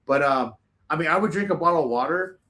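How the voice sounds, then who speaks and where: Male podcast guest, quick animated storyteller, slightly high voice. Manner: animated, rambling, swears freely. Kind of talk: casual storytelling.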